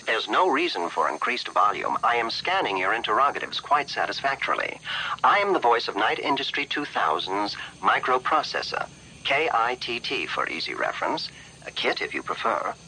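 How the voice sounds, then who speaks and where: Formal, precise car computer for a TV series, mid-Atlantic accent, crisp bright timbre. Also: male voice, mid-range voice, very animated, moderate pace, a little hiss or hum, full character voice, poor audio. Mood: calm. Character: sophisticated male talking car computer. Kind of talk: TV series acting.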